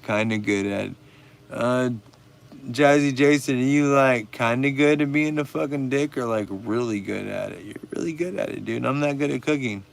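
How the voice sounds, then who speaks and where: A man's voice: mid-range voice, normal speed, vocal fry. A man hosting a casual livestream chat, talking stoned, laid-back and profane while teasing a viewer. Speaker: livestream host.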